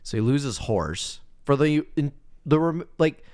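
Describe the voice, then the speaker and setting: A man's voice: on the high side, expressive, a little slow, darkish tone, clear, resonant tone, dry recording, studio quality. A man co-hosting a podcast, making wry, sarcastic asides in casual chat. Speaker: podcast co-host. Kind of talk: casual chat, movie review.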